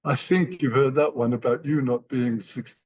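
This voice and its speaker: A man's voice: medium pitch, fairly even intonation, normal speed, darkish tone. A man giving a motivational training talk to company partners, emphatic and repeating key phrases. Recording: dull lo-fi sound.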